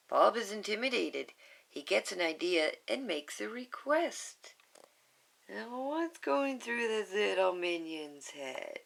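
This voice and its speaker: A woman's voice: lowish voice, creaky, fairly bright tone. A woman reading a picture book aloud to viewers, with chatty, giggly asides. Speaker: storybook reader.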